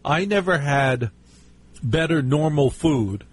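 A man's voice: a little high, lively intonation, slow pace, very noisy. A man hosting a live call-in radio show, telling a wry family story in a chatty, storytelling way with asides to listeners. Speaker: radio talk show host.

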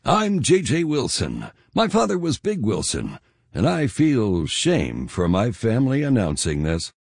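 An actor voicing a mock-solemn announcer who introduces a comedy sketch. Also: male voice, medium pitch, vocal fry, husky, no room sound, clean studio sound, exaggerated voice. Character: gravelly male sketch announcer.

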